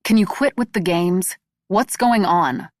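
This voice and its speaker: A woman voicing a tough woman assassin in an audiobook, speaking bluntly and forcefully. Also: lowish voice, measured pace, no room sound, studio quality, close to an everyday voice.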